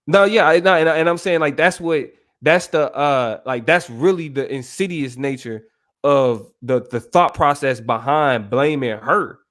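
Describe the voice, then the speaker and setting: Man co-hosting a podcast chat, slightly high voice, emphatic and searching for words. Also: a little slow, a bit bright. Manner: emphatic, keeps asking "you feel me". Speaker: podcast co-host. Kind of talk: casual podcast discussion.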